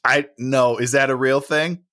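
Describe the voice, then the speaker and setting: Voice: medium pitch, a little slow. A podcast co-host from Minnesota, joking and exaggerating in casual chat about a movie. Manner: animated, jokey, exaggerating.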